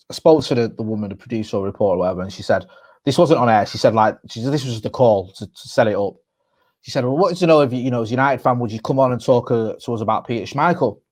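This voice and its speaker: A man co-hosting a podcast in casual chat, telling stories with plenty of swearing. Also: medium pitch. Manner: chatty storyteller, laughs and swears. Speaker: podcast co-host.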